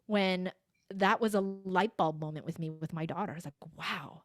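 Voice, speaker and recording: Woman in her 40s telling a family story, lively, does all the voices, dry close sound. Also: lowish voice, fairly quick, no echo. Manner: animated, acts out quoted lines. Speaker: podcast guest, voice coach. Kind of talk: conversational storytelling.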